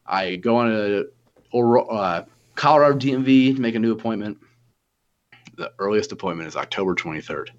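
A young man in his twenties, with a lowish voice, tells a story in loose casual chat. He swears often and slips into quoted back-and-forth. The audio sounds a little dull and lo-fi. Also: a little fast. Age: 20s. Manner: profane, animated retelling with quoted dialogue.

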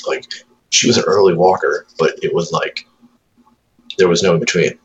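A man's voice: low-pitched, fairly even intonation, moderate pace, muffled recording, a crowd in the background. A man in his thirties on casual chat, telling profane stories about his toddler and acting out her lines.

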